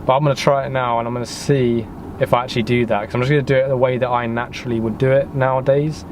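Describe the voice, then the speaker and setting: A man's voice: mid-range voice, little pitch movement, quick pace, background noise. A young man from the United Kingdom, chatting casually and self-deprecatingly in a vlog, rambling with fillers. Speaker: vlogger. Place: in a car and outdoors by a house.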